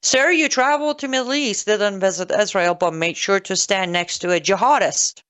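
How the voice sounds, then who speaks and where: Female commentator, sarcastic and emphatic, mid-pitched voice. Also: moderate pace, a bit bright. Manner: sarcastic, emphatic, repeats points for stress. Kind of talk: solo political commentary.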